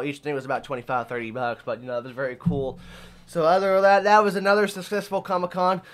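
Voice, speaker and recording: A man's voice: a little high, fairly bright tone. A young man from Arkansas, out of breath, chatting casually and rambling through a vlog about his convention haul. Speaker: vlogger.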